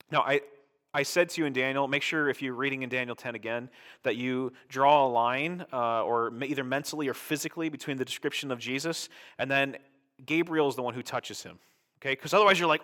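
A man's voice: mid-range voice, expressive, fast, pushed and bright, big-room sound. A man preaching a Bible teaching sermon in a conversational way, often checking in with "right?". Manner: conversational, tag questions like "right?".

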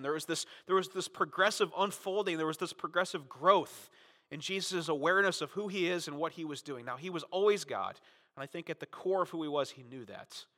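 A male pastor preaches in a conversational way, tossing in "right?" and leaning hard into the quotes he acts out. His voice sits a little high and rings bright. A long reverb trails after him, as in a large church sanctuary. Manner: conversational, often adds "right?"; dramatizes quotes with big swings in loudness. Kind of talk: sermon.

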